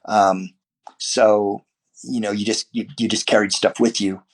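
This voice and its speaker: Husky man talking in loose rambling style. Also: lowish voice, level tone, unhurried. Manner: rambling with many restarts and fillers. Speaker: martial arts teacher. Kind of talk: podcast interview guest, casual talk.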